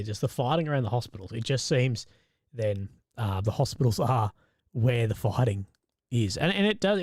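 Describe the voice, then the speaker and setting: An independent reporter hosts a live stream, reading viewer chat and offering loose, conversational commentary, often swearing and restarting sentences. His voice sits in the mid range with a darkish tone. The recording is dry and studio quality.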